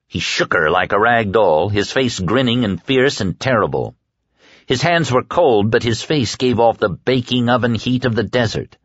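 A man narrating a horror audiobook in a dramatic, expressive storytelling manner. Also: medium pitch, moderate pace, no echo, muffled recording. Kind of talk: scripted narration.

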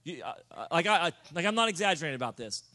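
A man preaching to a room, telling self-mocking stories in a lively, animated way and breaking into loud comic shouts. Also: a little high, rapid-fire. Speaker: pastor. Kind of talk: sermon storytelling. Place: church or conference room.

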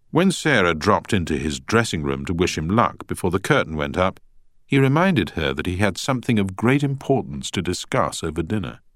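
A man reads an audiobook in a measured, expressive style. His voice is very deep yet moves through a lively range of pitch. The recording is dry and close. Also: no room sound. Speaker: audiobook narrator. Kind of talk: scripted narration.

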